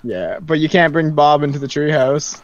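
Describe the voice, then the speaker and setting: A man's voice: a little high, moderate pace, muffled recording. A young man doing co-op game commentary, blunt and teasing, swearing now and then. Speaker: gamer.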